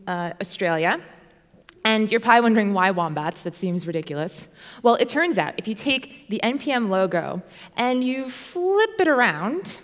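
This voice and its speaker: A woman giving a playful, fast-paced live-coding talk at a conference, speaking into a stage microphone. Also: medium pitch, a bit bright. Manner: fast, playful, self-deprecating. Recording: long reverb of a large hall.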